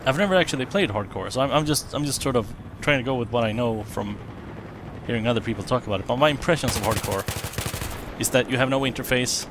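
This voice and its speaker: A man chatting his way through a shooter game, rambling and correcting himself mid-thought. His voice sits at an everyday middle pitch. Loud gunfire and engine noise from the game play clearly under him. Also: fast talker. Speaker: let's play commentator. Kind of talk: casual gameplay commentary. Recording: game audio behind voice, gunfire and vehicles. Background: game gunfire and explosions.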